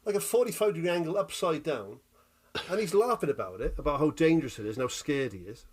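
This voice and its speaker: A man co-hosting a casual chat podcast, telling animated, sweary stories and checking in with "right?" after every point. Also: on the high side, quick pace, slight background noise. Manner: animated storytelling, sweary, keeps asking "right?". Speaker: podcast co-host.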